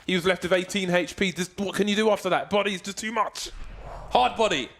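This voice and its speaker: A man doing esports play-by-play with a joking, playful manner, drawing some lines out slowly and shooting up high on exciting calls. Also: slight background noise. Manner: jokey, playful, shifts between slow drawled lines and high excited calls. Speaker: esports commentator.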